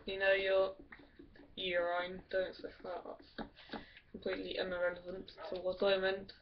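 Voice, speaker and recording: A woman's voice: mid-range voice, completely flat delivery, measured pace, recorded from a distance, slight background noise. A woman giving casual, rambling game commentary, crude and swearing often. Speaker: gameplay commentator. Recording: dull lo-fi from off mic, loud music behind. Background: loud music.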